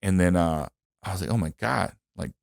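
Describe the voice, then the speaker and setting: Male podcast co-host, low voice, dry close sound, casual emotional storyteller. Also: normal speed, creaky, no echo. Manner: emotional storytelling with lots of fillers. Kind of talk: casual chat.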